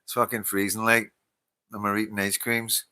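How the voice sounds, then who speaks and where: A Northern Irish man hosts a relaxed live stream, sounding tired as he reads out viewers' names and laughs between lines. His voice sits a little low but comes across bright and forceful. He talks loosely and swears without a second thought. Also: moderate pace, no room sound. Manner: swears freely, greets viewers by name, laughs often. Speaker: livestream host reading viewer comments. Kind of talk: casual live-stream chat.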